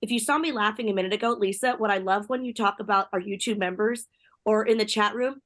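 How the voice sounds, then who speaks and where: A woman hosting a casual podcast chat, bubbly and gushing, with quick asides. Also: medium pitch, a bit bright. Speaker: host.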